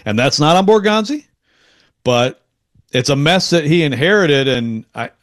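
A man's voice: on the high side, animated, measured pace. A man co-hosting a casual sports talk show, rambling and restarting his sentences, chuckling as he goes. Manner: rambling, self-interrupting, chuckles often. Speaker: sports podcast co-host.

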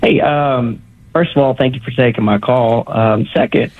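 A man's voice: medium pitch, moderate pace. A man calling into a sports radio show, polite and earnest with hesitant ums. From Northeast Tennessee. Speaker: caller. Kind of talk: call-in radio question. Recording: tinny phone line.

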